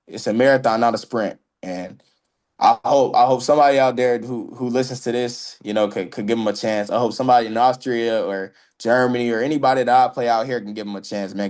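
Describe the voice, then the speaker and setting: An American man with a lowish voice talks quickly and earnestly as an interview guest. He repeats himself and keeps dropping "you know" and "man" as fillers. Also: darkish tone. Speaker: guest, football player. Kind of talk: casual interview talk.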